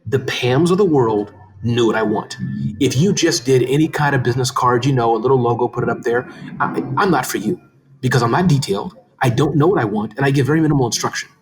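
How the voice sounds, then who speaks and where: A man talking at a quick clip as an interview guest, animated and enthusiastic. His pitch sits in the middle range and his words tumble out, sometimes slurring together. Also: a little hiss or hum. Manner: fast, animated, says he talks too fast. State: tearing up, emotional. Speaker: podcast guest, business founder. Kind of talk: casual interview talk.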